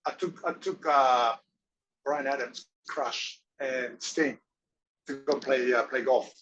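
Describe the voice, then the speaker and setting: A man's voice: mid-range voice, slow, lo-fi sound, over a noisy crowd. Rambling man telling wrestling stories. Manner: rambling, animated, acts out quoted voices. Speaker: interview guest, former wrestler and actor. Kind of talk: casual storytelling interview.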